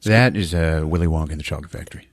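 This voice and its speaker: A man co-hosting a casual podcast, joking and animated. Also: rumbling low, very fast, no echo, studio quality. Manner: jokey, animated. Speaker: podcast co-host.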